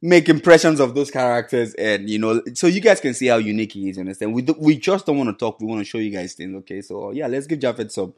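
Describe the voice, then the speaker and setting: A man's voice: medium pitch, expressive, quick pace, few pauses. A man hosting a casual interview, often repeating his guest's words and chiming in with agreement. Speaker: host.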